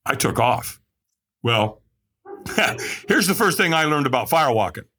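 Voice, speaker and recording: A male guest tells a personal story in a vivid, animated way, acting out the other people in it. His voice has a husky edge. His pitch rises and falls widely as he builds the tension. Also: unhurried, raised voice. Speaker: podcast guest.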